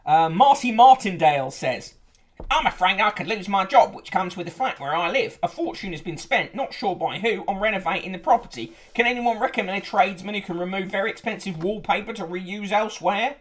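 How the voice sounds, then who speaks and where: A man's voice: high voice, animated, a little fast. A man hosting a podcast, reviewing newspapers casually with sardonic, sweary asides.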